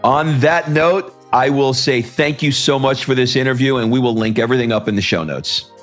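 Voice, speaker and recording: A man's voice: medium pitch, moderate pace, a bit bright, faint music behind. A man hosting a podcast interview, telling stories casually with many restarts. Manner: rambling storyteller, many restarts. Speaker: podcast host.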